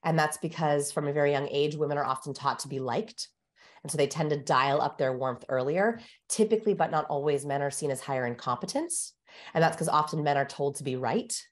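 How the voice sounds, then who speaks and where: On a podcast, a body-language expert brought in as a guest talks in a low, brisk voice. She takes a coaching approach in this instructive conversation, explaining speaking styles and demonstrating vocal exercises.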